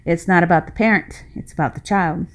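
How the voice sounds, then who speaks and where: A woman's voice: lowish voice, a little fast. A middle-aged woman talks through her own podcast in a loose, rambling, folksy monologue. She speaks with passion and laughs now and then. She is slightly short of breath. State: a little out of breath. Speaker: podcast host. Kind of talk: casual personal podcast monologue.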